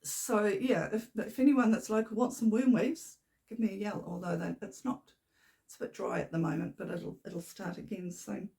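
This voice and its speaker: Gravelly-voiced New woman chatting. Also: medium pitch, fairly even intonation, normal speed, mellow. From New Zealand. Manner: chatty and rambling, with little laughs. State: slightly shaky voice. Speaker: knitting podcast host. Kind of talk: casual chat. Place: home room. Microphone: camera on a tripod.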